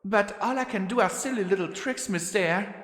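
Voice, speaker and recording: Man doing a high-voiced proud little unicorn filly. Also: normal speed, fairly bright tone. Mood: downcast. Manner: high and pleading. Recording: long reverb with faint music.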